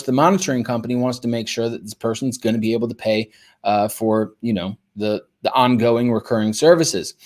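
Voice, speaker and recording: A young man hosting a podcast, telling a story casually with many fillers. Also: medium pitch. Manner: casual, animated, lots of fillers. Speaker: podcast host.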